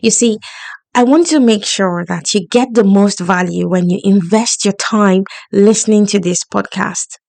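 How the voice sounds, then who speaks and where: A woman's voice: mid-range voice, unhurried, vocal fry, a little mellow, no echo. A woman hosting a solo podcast, coaching her listeners in an encouraging, upbeat tone. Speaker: podcast host and money coach.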